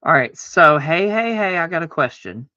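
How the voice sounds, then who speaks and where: A man streaming a card game, chatting casually to himself, arguing back and forth aloud with sudden excited exclamations. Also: fairly high pitch, moderate pace, no echo, highs cut off. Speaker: livestreamer playing solitaire. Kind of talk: casual self-talk while gaming.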